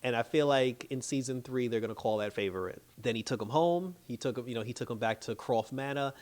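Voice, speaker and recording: A man's voice: mid-range voice, a little fast, a little mellow. Man chatting through a TV recap. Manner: loose, chatty retelling full of "like" and "you know"; slangy and playful, laughing often. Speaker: TV show reviewer. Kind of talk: casual episode recap.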